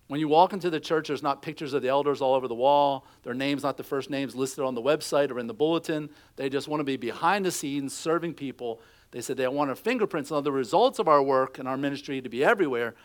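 A middle-aged man preaching a sermon, telling stories and acting out quotes in a conversational way. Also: mid-range voice. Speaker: pastor.

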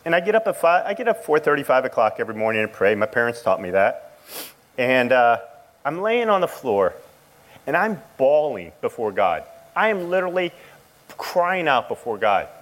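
A middle-aged man tells a church gathering about his bond with his grown child. He speaks in a halting, heartfelt way, often stopping and starting his sentences again. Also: medium pitch, big pitch swings, a bit bright, rough recording. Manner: halting, emotional storytelling with many restarts. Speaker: father sharing a testimony. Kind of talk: personal testimony to a church audience.

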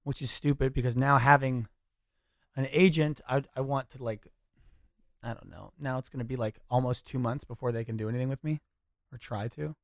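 Young guy rattling off podcast stories, quick, animated, swears a lot, dry close sound. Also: medium pitch, no room sound. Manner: animated, fast, swears freely. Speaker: podcast host. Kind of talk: casual storytelling chat.

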